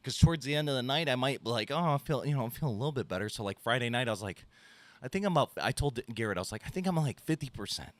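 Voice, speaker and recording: A man's voice: medium pitch, lively intonation, very fast, fairly bright tone, no echo. A man hosting a podcast, telling a loose, profane story and acting out both sides of his phone calls. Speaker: podcast host. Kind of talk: casual storytelling chat.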